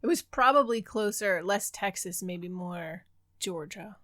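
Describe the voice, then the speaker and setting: A woman co-hosting a book podcast, chatty and quick to laugh. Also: medium pitch, a bit bright, dry recording, studio quality. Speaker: podcast co-host. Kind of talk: casual chat.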